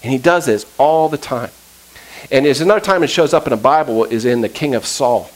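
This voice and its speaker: A man preaches to his congregation, retelling an old story in his own words. His voice sits at an ordinary middle pitch. He slips into quick acted-out lines and casual asides as he talks. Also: low-quality recording. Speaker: pastor. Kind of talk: sermon.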